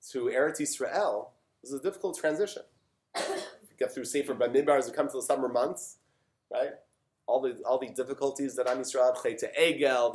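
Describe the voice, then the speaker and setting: A man delivers a rabbi's sermon in a slightly higher voice. He tells the story with passion, climbing to loud fervor and then dropping to quiet. The hall's echo hangs around every line. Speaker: rabbi giving a talk. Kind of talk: animated sermon. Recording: echoey room.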